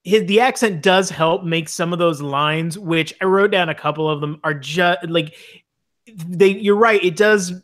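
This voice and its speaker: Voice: mid-range voice, measured pace, fairly bright tone. A podcast co-host chatting casually in a movie review, rambling with many restarts.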